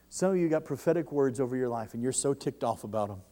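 A man preaching a sermon to a congregation, fervent, and his voice rises loud when he quotes others. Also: mid-range voice, expressive, fast talker, hardly any pauses.

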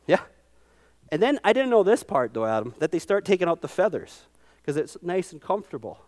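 Impassioned high-voiced male preacher. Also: very animated, fairly quick. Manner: impassioned, rising to shouts, calls of "come on". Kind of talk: sermon.

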